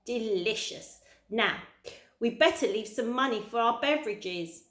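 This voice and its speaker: Lady reading as a kind old tramp guy, old-fashioned manners, bit high, roomy sound. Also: expressive, unhurried. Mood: gentle, kindly. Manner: gentle, old-fashioned politeness. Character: kindly old male tramp, polite and wise. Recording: roomy echo.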